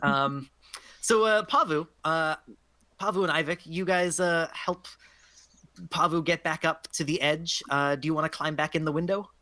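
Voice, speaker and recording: A woman's voice: sits low, pushed and bright. A woman narrating as game master of a tabletop role-playing game, casual and filler-heavy. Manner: casual, with many fillers and quick laughs.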